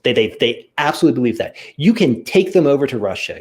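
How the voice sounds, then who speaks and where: A man's voice: medium pitch, very animated, fast, hardly any pauses, a little mellow. A man co-hosting a podcast, explaining at length in a casual way, with frequent "you know" fillers. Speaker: podcast co-host. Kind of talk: casual discussion.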